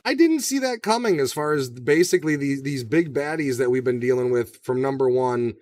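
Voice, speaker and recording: A man's voice: medium pitch, fairly quick, no echo, recorded from a distance. A man co-hosting a casual movie discussion podcast, talking loosely and with lots of swearing. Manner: profane, animated, does shouted impressions. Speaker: podcast co-host.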